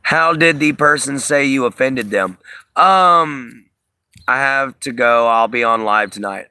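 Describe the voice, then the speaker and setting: A man's voice: mid-range voice, unhurried, pushed and bright, smooth, no room sound. Chatty man hosting a live stream. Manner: rambling, filler-heavy, talks to chat. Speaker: livestream host. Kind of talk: casual livestream chat.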